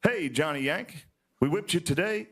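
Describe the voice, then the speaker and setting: A man putting on an old Southern historian who tells slow, folksy stories in a put-on Southern drawl. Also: on the low side, natural voice. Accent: put-on American Southern drawl. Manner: slow, folksy, drawn-out storytelling. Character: old male Southern historian, fond storyteller.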